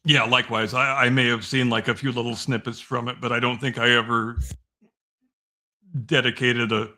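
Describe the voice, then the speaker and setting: A man's voice: medium pitch, level tone, normal speed, pushed and bright. A man hosting a podcast in casual chat, opinionated and blunt, swearing freely. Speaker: podcast host.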